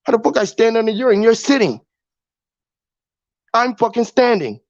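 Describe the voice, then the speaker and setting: A man's voice: extremely high pitch, animated, normal speed, no room sound. A man hosting a show, delivering a rambling monologue full of profane wordplay, spelling words out letter by letter. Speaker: podcast host. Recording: dull lo-fi, dry.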